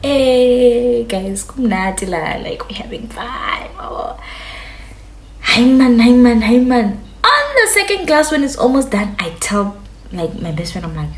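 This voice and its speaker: A young woman telling a story to her vlog in a casual, slangy way, her voice jumping from loud highs to hushed lows. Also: big pitch swings, a little slow. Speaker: vlogger. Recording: echoey room.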